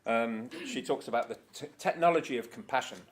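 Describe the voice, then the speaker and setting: A man's voice: medium pitch, animated, brisk, few pauses. Older man, conference speaker, rambling, casual, occasional swearing. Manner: rambling, swears, laughs at own stories. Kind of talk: conference talk. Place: conference hall.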